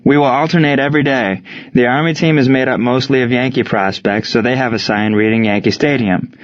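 A composed male wartime baseball coach, read by a man, speaks in plain, measured sentences meant to steady his players. The voice sits at an everyday middle pitch. The recording is slightly dull and lo-fi. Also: close to an everyday voice. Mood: wry.

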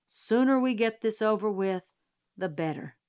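A woman's voice: medium pitch, expressive, normal speed, a little mellow, smooth, lightly acted. A woman reading a firm, earnest lawyer father. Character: steady principled small-town lawyer father, middle-aged man. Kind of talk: audiobook character reading.

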